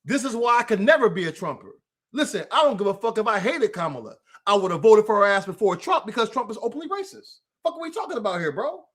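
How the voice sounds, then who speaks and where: With a high, sing-song voice that's a bit bright, this American man talks fast while hosting his political livestream. His rant is heated and full of profanity, and he calls out a missing rival by name, speaking right at him.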